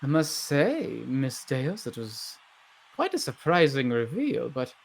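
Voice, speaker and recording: A man voicing a sly refined noblewoman with a slow, silky, insinuating manner in a tabletop game. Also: medium pitch, huge pitch swings, vocal fry, a little hiss or hum, full character voice.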